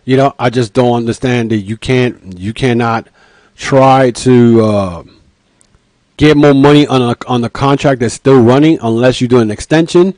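A man hosting a casual wrestling podcast, talking in an animated way with lots of fillers and acting out quotes. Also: mid-range voice, dry recording. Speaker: podcast host.

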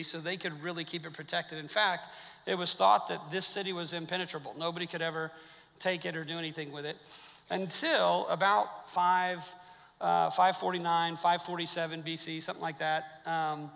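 Gravelly, bright pastor. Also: male voice, fairly high pitch, in a large hall. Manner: jokey, animated storyteller acting out quotes. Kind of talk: sermon with storytelling. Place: church sanctuary.

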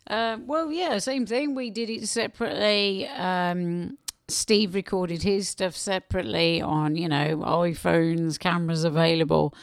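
A woman's voice: fairly low pitch, steady tone, a little slow, gravelly, no echo, clean studio sound. A woman with a Black Country accent, a musician chatting cheekily and self-deprecatingly in a casual radio interview. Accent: Black Country English. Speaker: musician guest.

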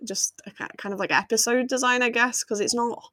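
A woman's voice: a little high, fairly even intonation, brisk, sharp tone, dry recording. A woman co-hosting a podcast in casual chat, laughing often as she talks. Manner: giggly, chatty, often laughing. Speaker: podcast co-host.

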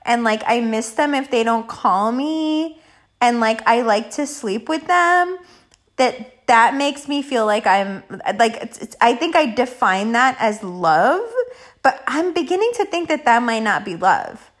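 A fairly high-voiced woman hosts a podcast, spilling a personal story in a loose, confessional ramble. She leans on "like" constantly, curses freely and keeps breaking into laughter. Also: expressive, measured pace. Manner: rambling, many "like" fillers, swears freely, laughs often. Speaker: podcast host.

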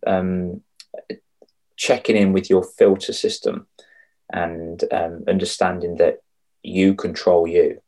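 A man with a lowish voice talks as a podcast guest. He tells his stories with feeling and animation, often restarting his sentences. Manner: emotional, animated storytelling with many restarts. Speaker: confidence coach guest. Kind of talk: casual podcast interview.

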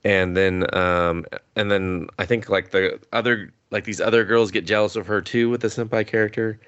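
A man's voice: on the low side, fairly even intonation, moderate pace, a bit bright, clear, resonant tone, highs cut off. A man co-hosting a casual anime review podcast, rambling, swearing and laughing between thoughts. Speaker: podcast co-host.

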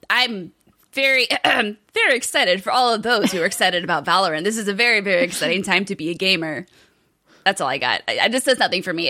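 Bright, playful woman co-host. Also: medium pitch. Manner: playful, joking, talks to chat. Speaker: co-host of a gaming news show. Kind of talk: casual chat.

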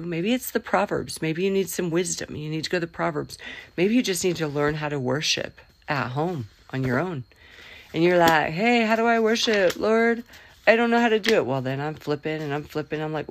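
A middle-aged woman, her voice sitting on the low side. She talks in a devotional podcast style, prayerful and warm, then breaks into excited exclamations. Her throat sounds a little rough. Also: no echo. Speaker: podcast host.

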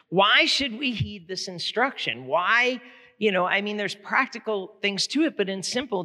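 A man preaching a sermon, animated and storytelling, often repeating words as he builds a point. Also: high voice, long reverb tail. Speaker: pastor.

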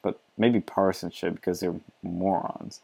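Brief: low-pitched male commentator, sarcastic and mocking, swears freely. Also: steady tone, normal speed, gravelly, warm tone, slightly rough. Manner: sarcastic, mocking, swears often, laughs between remarks. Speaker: commentator reacting to an article. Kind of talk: reading aloud and ranting commentary.

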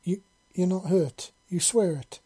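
A reader voicing a mischievous human man who calms his partners in a lifted, reassuring tone. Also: mid-range voice, moderate pace, breathy edge, lightly acted.

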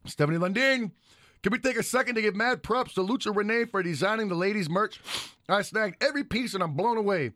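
A man's voice: sits high, brisk, fairly bright tone, dry recording. A man co-hosting a podcast, reading listener messages in casual, profane banter and laughing often. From United States. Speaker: podcast co-host.

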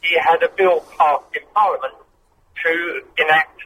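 Give me a male caller on a car phone, a little high, muffled sound, patiently explaining. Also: a little hiss or hum. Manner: unhurried, explanatory storyteller. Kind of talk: phone-in call. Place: car on a motorway. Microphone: telephone.

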